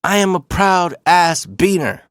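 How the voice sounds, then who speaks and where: A man's voice: on the high side, expressive, a little fast, dry recording, studio quality, pitched above the performer's own voice. A man voicing his laid-back, proud father, who speaks broken English. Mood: proud, amused. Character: calm, proud middle-aged father.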